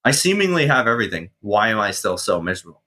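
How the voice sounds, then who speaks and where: A man in his thirties, a guest on an interview show, telling his story casually with swearing and animated reenactments of his past self. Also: lowish voice, fast talker. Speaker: guest, mindset coach and firefighter.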